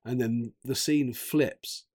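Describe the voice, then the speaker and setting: A man talking casually about a film, animated and acting out quoted lines. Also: medium pitch, slow pace. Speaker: film reviewer.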